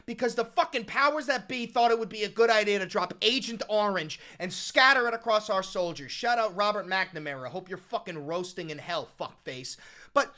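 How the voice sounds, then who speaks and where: A man's voice: high-pitched, moderate pace, sharp tone. A man hosting a reaction video, cursing often and ranting with heated passion. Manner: profane, impassioned ranting. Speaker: host.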